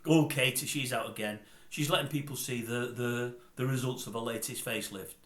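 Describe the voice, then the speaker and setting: A man's voice: medium pitch, steady tone, a little fast, a bit bright. A middle-aged man, grumpily and sarcastically rambling through celebrity gossip as a comic host. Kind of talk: comedic celebrity gossip monologue. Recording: roomy echo.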